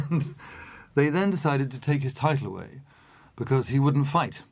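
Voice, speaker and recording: A man telling an anecdote in an animated way, often laughing as he goes. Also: medium pitch, moderate pace. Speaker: storyteller. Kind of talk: anecdotal storytelling.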